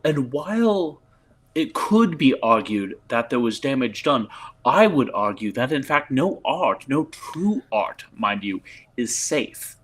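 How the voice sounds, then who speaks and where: A man's voice: medium pitch, fairly bright tone. A man playing a tabletop game, speaking in a mock-pompous, theatrical way. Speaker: player.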